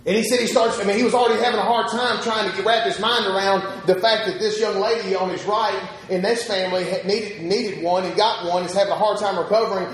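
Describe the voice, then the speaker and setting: A man preaching a sermon, telling a story with pauses and repeated words, swinging from loud to soft. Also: high-pitched, heavy reverb, low-quality recording.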